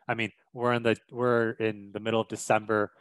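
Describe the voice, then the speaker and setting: A man's voice: fairly low pitch, level tone, fairly quick, clean tone, no room sound, rough recording. A young man from Canada giving a casual video production lesson, chatty and emphatic with frequent fillers, in a home room by a window. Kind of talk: casual instructional talk.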